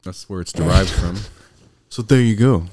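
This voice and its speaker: A man's voice: low voice, normal speed, a little mellow, no room sound. A man co-hosting a podcast, chatting casually in a playful, teasing way. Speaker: podcast co-host. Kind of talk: casual chat.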